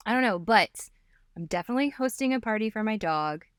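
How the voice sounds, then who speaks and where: A woman's voice: medium pitch, expressive, brisk, clear, resonant tone, no room sound, studio quality. A woman co-hosting a casual history podcast, telling stories with playful asides and laughs. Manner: giggly storyteller, playful asides. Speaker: podcast co-host.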